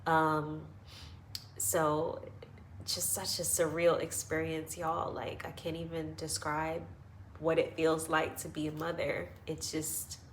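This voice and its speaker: A woman in her thirties with a low voice tells her birth story to camera. She speaks earnestly and reassuringly, with many fillers, and her voice is close to tears. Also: completely flat delivery, slow, a little hiss or hum.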